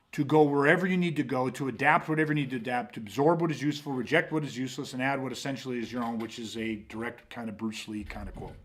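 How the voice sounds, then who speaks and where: A man's voice: medium pitch, a bit bright. A man hosting a podcast about self-defense, telling stories animatedly with lots of swearing and restarts. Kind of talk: casual podcast talk.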